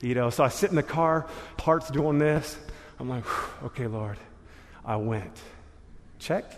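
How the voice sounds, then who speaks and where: A man's voice: mid-range voice, measured pace. Man telling his testimony in a big hall. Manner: casual storytelling with slang, laughs at himself. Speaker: guest speaker sharing testimony. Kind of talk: church testimony talk. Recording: long hall reverb.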